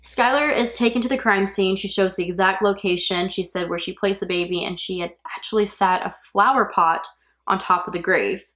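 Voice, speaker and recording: A woman's voice: medium pitch, fairly quick, fairly bright tone. Casual woman hosting a true crime podcast. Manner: casual, opinionated, reacting aloud. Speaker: podcast host.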